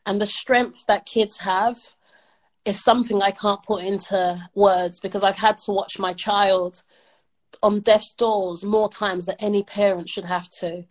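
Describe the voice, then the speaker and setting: A woman's voice: medium pitch, fairly even intonation, measured pace, low-quality recording. A middle-aged woman from the UK, an upbeat podcast guest who talks emphatically in a motivational way and laughs often. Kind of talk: motivational interview talk.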